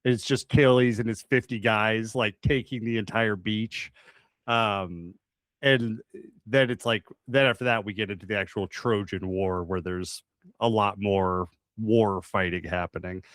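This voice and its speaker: A man co-hosting a film podcast, relaxed and chatty, laughing often. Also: fairly low pitch, measured pace, dry recording. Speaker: podcast co-host. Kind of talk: casual chat.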